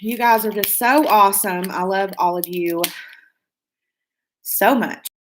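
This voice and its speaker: A woman's voice: medium pitch, unhurried, fairly bright tone, a little hiss or hum. A woman hosting a casual beauty live stream, reading viewer comments aloud in a gushing, chatty way with lots of fillers.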